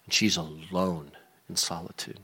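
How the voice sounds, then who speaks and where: A man preaching a sermon to his congregation in a lively, animated way, acting out the people in the scripture. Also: low voice, unhurried, husky. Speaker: pastor. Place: church sanctuary.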